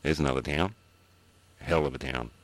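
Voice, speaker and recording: Very deep-voiced Australian man. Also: moderate pace, dry recording. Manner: rambling, chuckles between stories. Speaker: podcast co-host. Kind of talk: casual chat.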